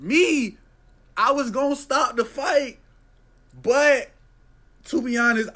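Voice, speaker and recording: A man's voice: very high voice, slow pace, bright, forceful tone. A young man casually telling a story, with lots of slang, saying "bro" constantly and acting out what people said.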